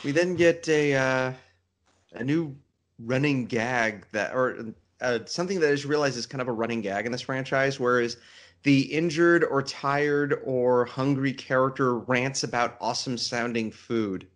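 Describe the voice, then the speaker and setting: A man co-hosting a book podcast in casual chat, sarcastic and quick to laugh. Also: mid-range voice, a bit bright. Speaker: podcast co-host.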